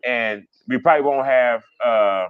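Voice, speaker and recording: A man hosting a casual livestream, chatting fast and rambling, swearing freely as he reads viewer comments. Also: mid-range voice, clear, resonant tone, dry recording, narrow, tinny audio. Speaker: livestream host.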